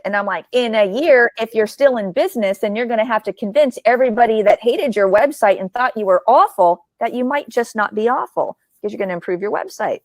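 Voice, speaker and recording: A woman's voice: a little high, lively intonation, fairly quick, hardly any pauses, no room sound. A woman hosting an interview over a video call, speaking in an emphatic, plainspoken way. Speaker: association CEO and host. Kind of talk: casual interview chat.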